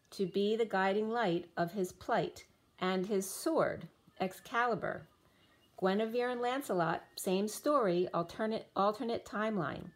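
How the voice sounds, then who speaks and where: A woman giving a spiritual tarot reading, drifting through loose, dreamy associations, her voice starting to give out. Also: medium pitch. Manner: dreamy, free-associating, rhyming asides. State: losing her voice. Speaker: tarot reader.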